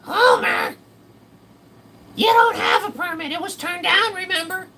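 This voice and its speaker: A man putting on a shrill, exaggerated cartoon voice as a joke. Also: measured pace, far from the mic, background noise. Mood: squeaky. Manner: squeaky and exaggerated.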